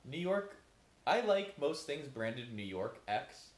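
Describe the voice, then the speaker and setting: A man's voice: medium pitch, big pitch swings, takes it slowly. A man co-hosting a podcast, giving long, opinionated explanations in casual chat. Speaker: podcast co-host. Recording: echoey room.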